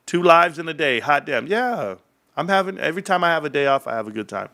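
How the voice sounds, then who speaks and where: Man, livestream host, casual chat, rambling, jokey, slightly gravelly, mid-pitched. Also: lively intonation, quick pace, sharp tone.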